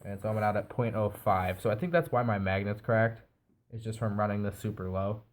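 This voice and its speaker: A man's voice: on the low side, a little fast, low-quality recording. A man with a nasal, stuffy voice from a cold, casually reviewing a device while he assembles it. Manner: relaxed, explains while assembling. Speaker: product reviewer.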